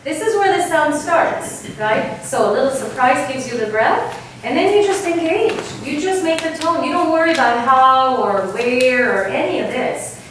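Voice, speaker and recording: A woman's voice: sits high, animated, moderate pace, fairly bright tone, a little hiss or hum. A woman from Argentina leading a choir workshop as vocal coach, demonstrative, often checking with "right?", recorded from far off in an echoey room. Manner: demonstrative, sings example sounds, frequent "right?". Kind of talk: workshop teaching.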